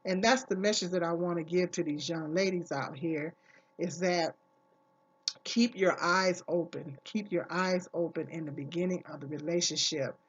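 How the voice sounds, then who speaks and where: A woman's voice: fairly low pitch, fairly even intonation, normal speed, breathy edge. Woman, vlogger, casual and emphatic, repeats her points, muffled lo-fi sound. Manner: earnest, emphatic, repeats key phrases. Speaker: vlogger giving advice. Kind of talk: casual talk to camera.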